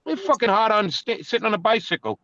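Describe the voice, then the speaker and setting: A middle-aged man tells stories bluntly and with a lot of swearing, his fairly high voice rising and falling a great deal. He comes through a video call that sounds dull and lo-fi, with a dry, close sound. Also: big pitch swings, fast talker, a bit bright, no room sound. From New York City. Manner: profane, blunt storyteller. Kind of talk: casual podcast chat over video call.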